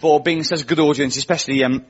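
A man's voice: on the high side, steady tone, fast talker. A man doing stand-up on a radio comedy show, chatty and self-mocking, laughing at his own jokes. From Wales. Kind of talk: stand-up comedy before a studio audience. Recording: lo-fi radio recording with studio audience.

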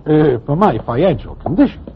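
An actor playing a wry, slang-talking Broadway storyteller and narrator in an old radio drama. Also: male voice, fairly high pitch, sing-song, fairly quick, slight background noise. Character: wry easygoing male Broadway storyteller, middle-aged. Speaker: narrator and character called Broadway. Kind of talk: 1940s radio drama acting. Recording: dull old radio recording.

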